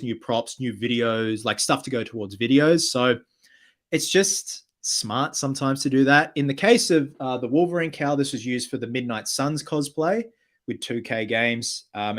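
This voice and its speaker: A man hosting a casual livestream Q&A, reading viewer comments aloud and replying in an upbeat, chatty way. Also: medium pitch.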